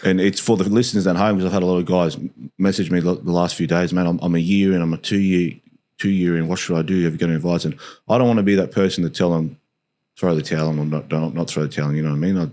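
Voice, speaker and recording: A man's voice: sits low, steady tone, rapid-fire, warm tone. An Australian man hosting a podcast, talking in a rambling, casual way and chatting with his guest. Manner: rambling, lots of "you know" fillers. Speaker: podcast host. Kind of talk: casual interview chat.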